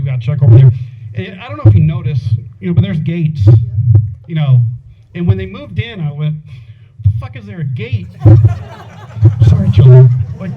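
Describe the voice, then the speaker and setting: Man, forties, telling loose, profane funny stories at a memorial; fairly high voice. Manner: joking, profane, repeats words. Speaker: eulogy speaker. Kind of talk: informal eulogy with funny stories. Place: outdoor backyard gathering. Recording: tinny phone-like sound with faint noise.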